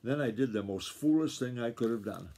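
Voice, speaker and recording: A man reading a novel aloud to his family in a steady storytelling voice, with small slips now and then. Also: mid-range voice, a little fast.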